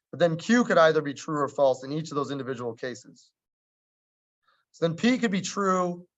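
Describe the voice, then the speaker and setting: A man teaches a math class on logic in a relaxed, conversational way, with wry asides and frequent checks that students follow along. His voice sits a little high for a man. The recording is dull and lo-fi, as if captured in a classroom. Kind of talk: classroom lecture.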